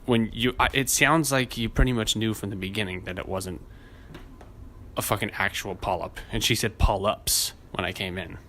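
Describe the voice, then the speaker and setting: A man's voice: on the low side, fairly even intonation, normal speed, pushed and bright, a little hiss or hum. Rambling, profane man on a podcast. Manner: rambling, profane storytelling with acted-out quotes. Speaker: podcast host. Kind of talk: casual chat.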